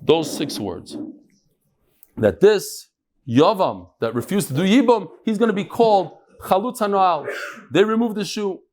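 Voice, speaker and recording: High-voiced man teaching a lively Talmud class. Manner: lively, joking, mixes in Hebrew and Aramaic terms. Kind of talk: daily Talmud lesson.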